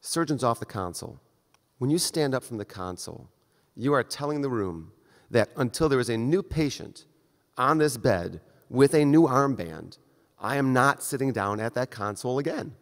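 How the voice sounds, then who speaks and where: A man's voice: medium pitch, lively intonation, normal speed. A male surgeon giving a conference lecture in a direct, conversational way. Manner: conversational, direct, acts out brief exchanges. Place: lecture hall. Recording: long reverb of a lecture hall.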